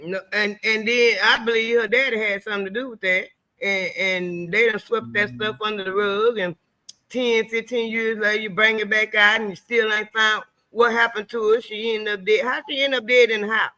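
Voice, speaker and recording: A man's voice: sits high, fairly even intonation, normal speed, sharp tone. An older man in casual chat, plainspoken and agreeable.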